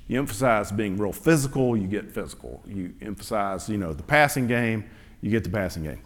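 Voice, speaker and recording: A man's voice: fairly low pitch, lively intonation, moderate pace. A man giving a conversational sermon, asking rhetorical questions, with plenty of fillers and restarts. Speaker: pastor. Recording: long hall reverb.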